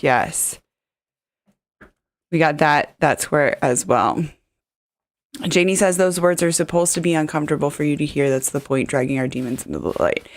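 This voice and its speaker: A woman streams her reaction to a video, chatting loosely and reading viewers' messages aloud. Her voice sits low with a gravelly, fried edge, and she rambles with plenty of fillers. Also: no room sound, studio quality. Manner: rambling, many fillers and laughs, reads chat aloud. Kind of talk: casual live-stream commentary.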